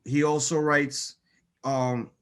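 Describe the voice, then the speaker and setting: A young man with a slightly raised voice co-hosts a casual wrestling show. He talks in an excitable, animated way, with plenty of fillers. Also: fairly high pitch, slow, clean tone. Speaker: co-host.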